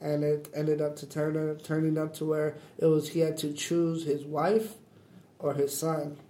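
A young man with a deep, raspy voice from smoking, talking casually in an interview, halting and repeating himself with lots of "like". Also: monotone, mellow. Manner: halting, repeats words, says "like" often. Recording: roomy echo.

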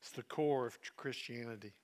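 A male preacher giving a sermon, telling a personal story in an earnest way and dropping soft at tender moments. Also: mid-range voice, normal speed. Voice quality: earnest, drops soft when emotional.

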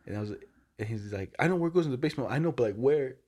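A young man telling a story in rapid casual chat, the words tumbling out quickly. He rambles in loose slang and keeps stacking up fillers as he goes. His voice sits at an ordinary middle pitch. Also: lively intonation, warm tone. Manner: rambling, slangy, lots of "like" and "you know". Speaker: delivery worker telling stories.

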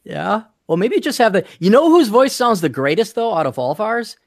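A man's voice: high voice, very animated, normal speed, dry recording, clean studio sound. A man hosting a casual podcast chat, talking in a rambling, self-deprecating way with lots of restarts. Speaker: podcast host. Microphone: desktop studio-style USB mic.

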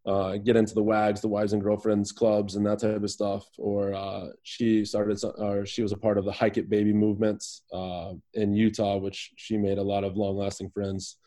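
A man from Virginia chats as a podcast guest, his voice on the lower side and warm, mellow in tone. He talks in an easygoing, rambling way, filling pauses with ums and uhs. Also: completely flat delivery. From Virginia, USA. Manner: easygoing, rambling, many fillers. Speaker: podcast guest, professional soccer player. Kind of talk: casual interview chat.

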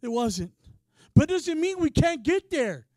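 A man preaching a sermon in a casual, passionate way, often saying "man" and swinging from quiet talk to shouting. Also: extremely high pitch, very animated, unhurried, dry recording, clean studio sound.

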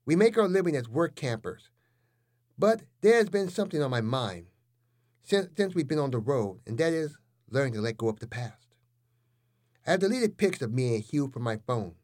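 A man hosting and narrating comic stories, delivering absurd lines in a deadpan, animated way. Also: medium pitch, normal speed. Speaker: host and narrator. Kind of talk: comic storytelling.

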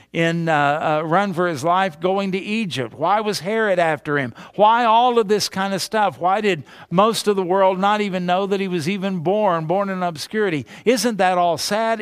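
A man's voice: high-pitched, clear, resonant tone, no room sound, studio quality. A man pastor preaching a sermon, emphatic and repetitive, building his points with rhetorical questions.

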